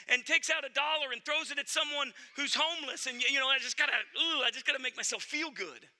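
A man's voice: extremely high pitch, bright, forceful tone. A male pastor preaching a sermon in an earnest, emphatic way, speaking directly to his congregation.

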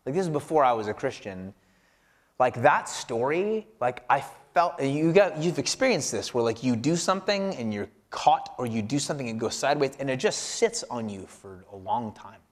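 A man's voice: mid-range voice, animated, normal speed. Man telling a story, full of "like"s. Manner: rambling and self-deprecating, many "like" fillers. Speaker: podcast co-host reflecting on scripture. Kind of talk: personal storytelling in casual chat.

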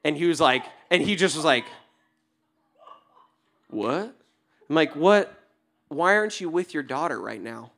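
A young adult man, a pastor, telling a story in a sermon, laughing often and dropping to a hushed tone for tender moments. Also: fairly high pitch, expressive, fast, gravelly, few pauses.

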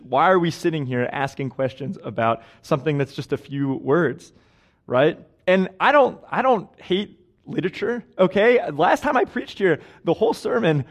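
A young man preaching a casual, conversational sermon in a church, chatty and self-deprecating, often laughing at his own stories. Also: fairly high pitch. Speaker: guest preacher. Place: church sanctuary.

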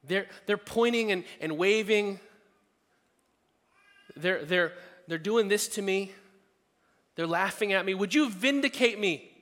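A man's voice: sits high, a little slow, pauses often, fairly bright tone. Earnest preaching man in a reverberant hall. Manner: earnest, conversational preaching with frequent restarts. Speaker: pastor. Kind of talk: sermon.

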